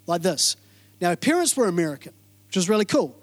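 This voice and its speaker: High-voiced New preacher. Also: male voice, fairly quick. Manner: energetic, repeats phrases, quizzes the congregation. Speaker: pastor. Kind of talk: sermon.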